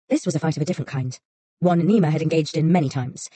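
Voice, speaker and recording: Woman reading an audiobook, low dark voice, kinda husky, soft and unhurried. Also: no echo. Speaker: audiobook narrator. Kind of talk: audiobook narration.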